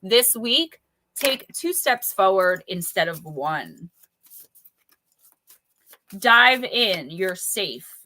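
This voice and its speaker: A woman's voice: medium pitch, sing-song, extremely slow, long pauses, pushed and bright. A woman doing casual oracle card readings on a live stream, chatty and playful, greeting viewers by name. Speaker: livestream oracle card reader.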